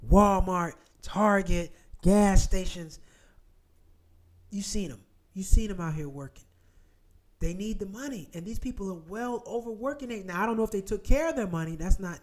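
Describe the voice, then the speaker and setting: Emphatic man, high voice. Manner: emphatic, repeats phrases, blunt and profane. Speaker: host. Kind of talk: casual commentary.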